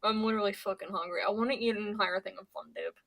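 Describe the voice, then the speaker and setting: A woman's voice: mid-range voice, fast, gravelly, fairly bright tone. A young woman from Pennsylvania chatting casually on her stream, rambling and swearing, with lots of stammered restarts. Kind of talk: casual chat.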